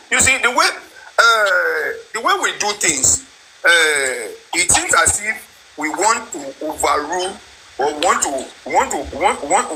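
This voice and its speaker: A man's voice: on the high side, sharp tone. A man in a heated online group discussion, insistent, repeating himself and talking over others. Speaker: live-stream participant. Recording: noisy online call audio.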